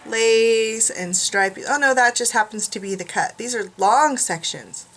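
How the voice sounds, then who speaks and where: A woman's voice: a little high, measured pace, a bit bright. A middle-aged woman vlogging in a casual, chatty, rambling way and poking fun at herself. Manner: chatty, rambling, self-deprecating. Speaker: craft vlogger. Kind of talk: casual chat.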